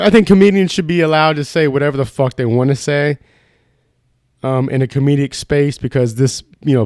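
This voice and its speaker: A man's voice: mid-range voice, a little mellow, dry recording, studio quality. A young man hosting a podcast alone, rambling in a heated, profane, casual way. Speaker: podcast host. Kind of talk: casual solo podcast rant.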